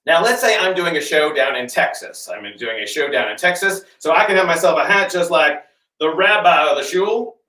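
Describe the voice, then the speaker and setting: A man doing comic magic show patter, chatty and halting with many fillers, over a video call. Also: a little high, animated, sharp tone. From United States. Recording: roomy sound, distant from the mic.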